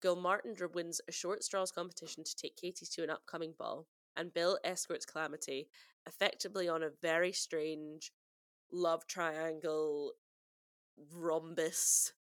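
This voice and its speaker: A woman's voice: deep voice, steady tone, moderate pace, dry recording, clean studio sound. A woman from the UK co-hosting a podcast, chatting casually and laughing often as she recaps a film and quotes its lines. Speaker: podcast co-host. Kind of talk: casual chat.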